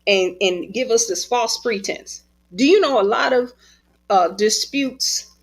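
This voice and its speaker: Heard over a video call, a woman author and spiritual teacher talks casually, telling stories with animation and expression and frequent laughter. Her voice is medium in pitch.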